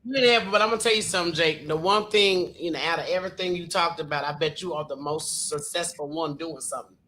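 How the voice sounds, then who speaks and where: A woman's voice: deep voice, fast, fairly bright tone, slight background noise. A woman hosting a podcast, chatting casually and reacting outspokenly to her guest. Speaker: podcast host. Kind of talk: casual chat.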